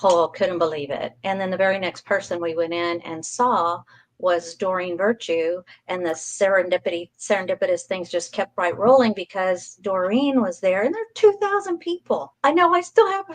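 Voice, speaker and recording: A woman's voice: lowish voice, moderate pace, low-quality recording. Chatty woman telling stories. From Texas coast, USA. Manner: chatty storyteller with frequent ums and laughs. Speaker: interview guest, psychic medium. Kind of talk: casual interview storytelling.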